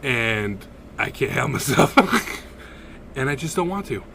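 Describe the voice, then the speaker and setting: Bright-voiced swearing podcast man. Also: medium pitch, slow, gravelly, slight background noise. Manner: profane, animated storytelling with laughs. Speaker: podcast co-host. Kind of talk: casual chat.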